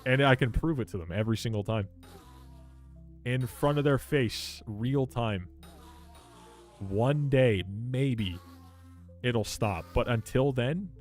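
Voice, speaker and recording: A man's voice: mid-range voice, measured pace, pauses often, a little mellow, soft background music. A young man chatting casually on a live stream, rambling and swearing as he rants and answers chat. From Canada. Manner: rambling, profane ranting while reading chat.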